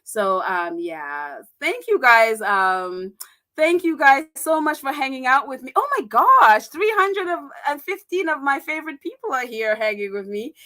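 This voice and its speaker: A chatty middle-aged woman hosts a casual livestream from her own channel. Her voice is bright and a little high, and she talks loosely with plenty of fillers and quick laughs. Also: sing-song. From United States. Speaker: livestream host.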